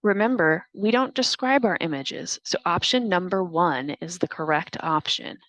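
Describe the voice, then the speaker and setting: A woman narrating a staff training on reading test items aloud, in a clear, deliberate instructional manner. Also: fairly low pitch, fairly bright tone.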